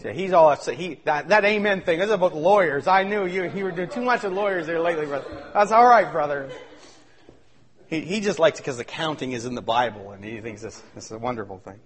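A male pastor preaching a sermon, swinging between shouted excitement and hushed asides. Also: fairly high pitch, fast talker.

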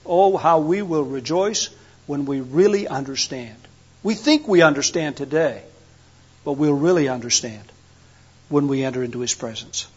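A man's voice: a little high, normal speed, husky, highs cut off. A man preaching a sermon with fervent, rising and falling emphasis.

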